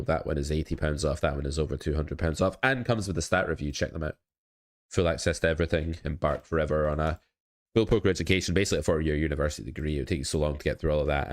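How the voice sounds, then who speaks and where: A man, coaching poker live and chatting casually with his viewers, often second-guessing his own plays. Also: very deep voice. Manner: chatty, self-critical, talks to chat. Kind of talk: casual live-stream commentary.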